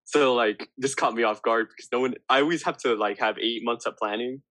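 A man's voice: mid-range voice, brisk, bright, forceful tone, no echo. A young man co-hosting a podcast, chatting casually in a rambling, hesitant way. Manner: rambling, hesitant, lots of fillers. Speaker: podcast co-host. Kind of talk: casual chat.

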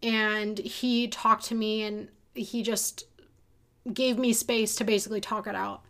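A woman's voice: medium pitch, level tone, measured pace, fairly bright tone. A young woman talking casually and candidly about her own experience, at times emotional. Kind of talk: personal storytelling monologue.

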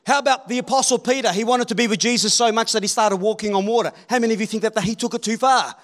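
A man preaching a sermon, animated and rallying the crowd, swinging between loud calls and hushed moments. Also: high voice, fast talker.

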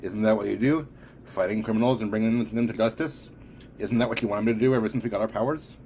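Brief: man as a sarcastic young rogue, low voice, defensive, audiobook. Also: fairly even intonation, fast talker, darkish tone, a little hiss or hum, close to an everyday voice. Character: cocky young male fire-and-ice super, sarcastic.

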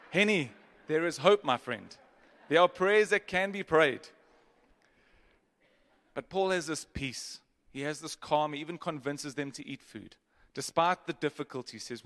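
A man's voice: a little high, normal speed, fairly bright tone. A man preaching in a reverberant hall. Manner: dramatic emphasis while reading, joking asides to the congregation. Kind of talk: sermon reading and explaining scripture. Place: church auditorium.

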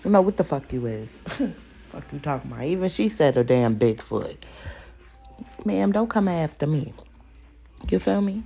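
A woman's voice: deep voice, animated, moderate pace, gravelly, long pauses, dark tone, breathy edge. A young adult woman hosting a solo podcast, ranting in a profane, confrontational way and repeating lines for emphasis. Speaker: podcast host.

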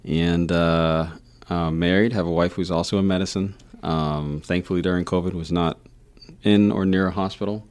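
Very low smooth voice, doctor guy on radio, calm, kinda hesitant. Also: normal speed. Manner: calm, plain, hesitant with fillers. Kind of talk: radio interview.

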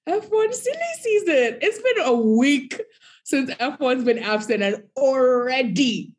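A woman co-hosting a podcast in casual chat, animated, breaking into sung bits and mock quotes. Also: a little high. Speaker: podcast co-host.

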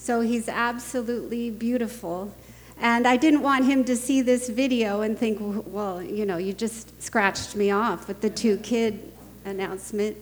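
Animated woman telling funny stories. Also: on the high side, unhurried, in a large hall. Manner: animated storytelling, laughs often, acts out quoted voices. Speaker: conference speaker. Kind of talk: conference talk with anecdotes and jokes.

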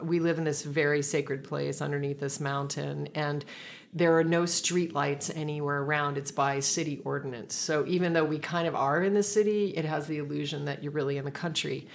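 A woman with a low voice tells a story in conversation. She is reflective and meandering, doubling back to restart her sentences as she goes. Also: vocal fry, a little hiss or hum. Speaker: guest.

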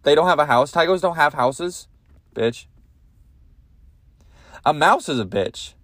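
A man's voice: fairly high pitch, lively intonation, a little slow, a bit bright, no room sound, clean studio sound. A man hosting a comedy podcast, ranting crudely in a rambling monologue with lots of swearing. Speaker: podcast host.

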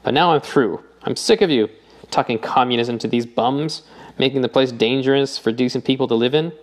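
A man's voice: mid-range voice, a little fast, natural voice. A man reading an audiobook, voicing a blustering, hot-tempered rich older man who roars indignantly. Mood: furious. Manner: roaring, indignant outbursts.

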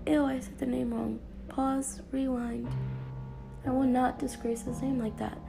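A woman talking casually to her viewers in an anime review, chatty and animated, with playful asides. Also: sits high, measured pace, gravelly, music in the background.

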